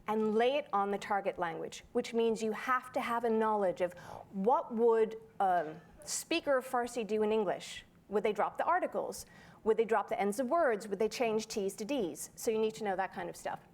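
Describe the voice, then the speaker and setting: A woman voice actor giving a lively, playful talk on a conference panel. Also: mid-range voice. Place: conference hall.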